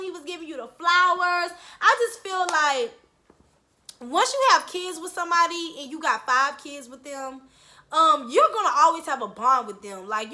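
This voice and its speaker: A woman's voice: high voice, sharp tone. A young woman giving a blunt, profane casual recap of a reality show, scolding the cast as she goes. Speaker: reality TV reviewer.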